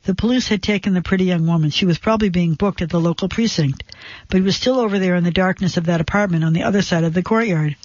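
A man reading a suspense story aloud in a measured, tense storytelling manner. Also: sits high, darkish tone, lo-fi sound. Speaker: narrator. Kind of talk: scripted narration of a suspense story.

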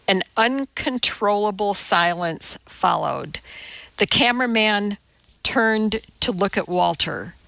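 A woman narrating a novel in a measured, even reading. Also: medium pitch, vocal fry, dry recording, highs cut off. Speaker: audiobook narrator. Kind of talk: scripted narration.

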